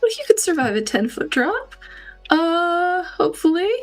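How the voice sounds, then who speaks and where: Woman, tabletop player, casual unsure chat, high voice, faint music behind. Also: sing-song, normal speed. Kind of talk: playing a tabletop game.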